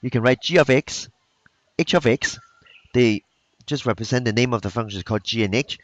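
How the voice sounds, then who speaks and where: A man's voice: medium pitch, moderate pace, no room sound, lo-fi sound. Patient man explaining math in a lesson. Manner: patient, repeats key points often; plain non-native phrasing, loose grammar. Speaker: math teacher.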